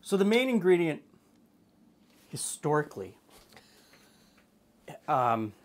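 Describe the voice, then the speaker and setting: A man hosting a cooking show, explaining a blind tasting in a relaxed, plain-spoken way from his studio. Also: a little high, slow. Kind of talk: casual tasting chat. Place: home studio kitchen.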